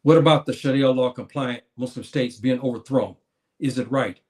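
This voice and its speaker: A man's voice: medium pitch, moderate pace, darkish tone. A man giving an earnest spoken religious lecture, addressing his listeners as brothers and sisters, often restarting his phrases. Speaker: Muslim preacher.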